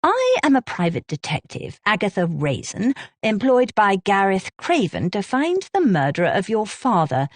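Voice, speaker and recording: A woman's voice: medium pitch, huge pitch swings, moderate pace, hardly any pauses, no room sound. Woman doing a pushy no-nonsense lady detective, dry close sound. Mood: brisk. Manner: blunt. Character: blunt, brash middle-aged woman private detective.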